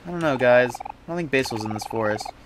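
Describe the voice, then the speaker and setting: A man's voice: medium pitch, expressive, fast talker, a little hiss or hum. A young man commenting live on a game he is playing, thinking aloud in a casual, rambling way with frequent restarts and self-mocking slang. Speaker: streamer. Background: game music.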